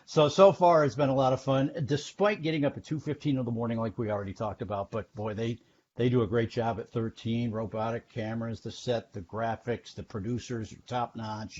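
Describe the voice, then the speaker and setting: A man's voice: on the low side, a little mellow, a little hiss or hum. A man in his sixties, a television journalist telling stories as a guest in a casual interview over a video call from his home, chatty and self-deprecating. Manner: chatty storyteller, self-deprecating, many restarts. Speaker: TV news guest. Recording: dull lo-fi call audio.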